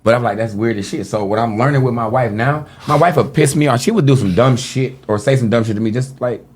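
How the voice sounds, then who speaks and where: A man as a podcast guest, telling animated, slangy stories in casual chat and often cutting in with "listen". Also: mid-range voice, fast.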